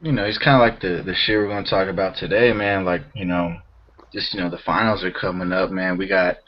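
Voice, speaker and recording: A young man on a podcast talks in a slangy, easygoing way, tossing in "man" and "bro" as he goes. His voice sits a little low, and the recording is somewhat dull and lo-fi. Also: steady tone, a little fast. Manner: slangy, loose, calls everyone bro and man. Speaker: podcast co-host. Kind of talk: casual chat.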